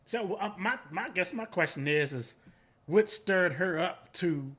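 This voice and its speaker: A man co-hosting a podcast in casual chat, answering in relaxed, quick back-and-forth replies. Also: high-pitched. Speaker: podcast co-host.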